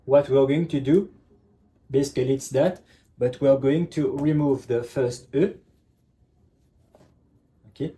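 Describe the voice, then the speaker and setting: Man teaching, mellow voice. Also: medium pitch, steady tone. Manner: repeats "ok" constantly, checks understanding, slow emphatic examples. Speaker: French teacher. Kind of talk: classroom lesson explanation.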